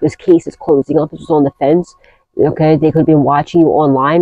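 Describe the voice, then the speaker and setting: Woman, tarot reader, blunt and profane, rambling restarts, mellow warm tone, dull lo-fi sound. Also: sits low, slight background noise. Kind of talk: casual tarot reading to camera.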